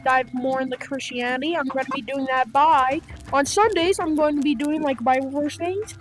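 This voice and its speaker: Over soft background music, a young woman with a high voice talks at a normal speed to viewers of her gaming channel. She rambles playfully, using lots of filler words.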